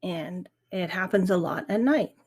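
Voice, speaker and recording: A woman's voice: on the low side, unhurried, slightly rough. A middle-aged woman hosting a grief podcast, talking candidly and earnestly in a reflective monologue. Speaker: podcast host. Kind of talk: casual monologue.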